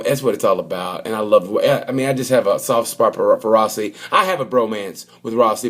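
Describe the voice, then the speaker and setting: Joking guy rambling about racing. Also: mid-range voice. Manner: joking, rambling, acts out quotes. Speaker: motorsport vlogger. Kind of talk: casual comedic race review.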